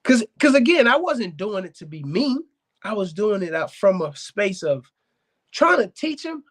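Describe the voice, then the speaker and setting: A man hosting a casual live-stream chat about his dogs, animated and preachy, often calling out to viewers. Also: on the high side. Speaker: dog kennel owner hosting a live talk show.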